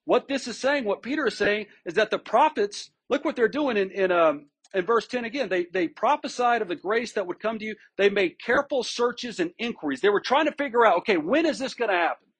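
A man's voice: high-pitched, expressive, brisk, hardly any pauses, fairly bright tone, breathy edge. A man preaching a sermon, talking in a conversational and emphatic way, often restarting phrases and checking in with his listeners. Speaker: pastor. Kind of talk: expository sermon.

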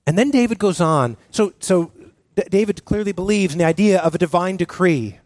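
A male pastor delivers a sermon in an earnest, halting way, circling back with fillers and restarts as he works toward his point. His voice sits a little higher than most men's. The recording is dry and close, with almost no room sound. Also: darkish tone, no room sound.

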